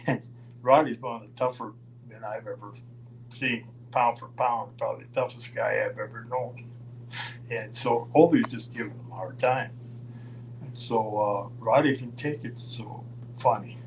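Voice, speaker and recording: Older guy, gravelly voice, rambling road story on a stream, faint hum behind. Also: medium pitch, low-quality recording. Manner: rambling, chuckling, halting with fillers. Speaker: guest storyteller. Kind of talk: casual anecdote on a live stream.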